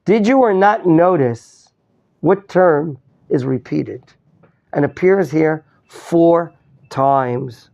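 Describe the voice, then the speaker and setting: A man's voice: on the high side, lively intonation, slow pace, gravelly, darkish tone, lo-fi sound. A male rabbi teaching a Torah class, quizzing his students, repeating his questions and mixing in Hebrew terms. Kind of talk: interactive Torah lesson.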